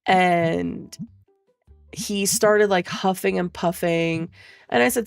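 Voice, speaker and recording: Young streamer girl ranting a story, low voice with lots of fry, swears a ton, dry mic, faint music behind. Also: slow pace, no echo. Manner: profane, rambling, filler-heavy. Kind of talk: casual storytelling.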